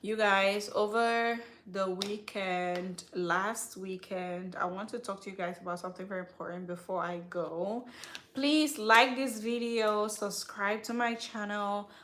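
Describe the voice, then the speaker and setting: On a skincare live stream, the channel's host chats casually and directly with her viewers, dropping slangy asides. Her mid-range voice is a bit bright, with fairly even intonation and a measured pace, over slight background noise.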